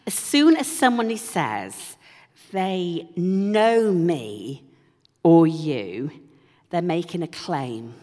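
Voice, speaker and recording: A woman preaching a sermon, slow and unhurried, her pitch rising and falling with lively animation. She drops playful asides to the congregation, and her voice carries a long reverb from the church hall. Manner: humorous, conversational asides.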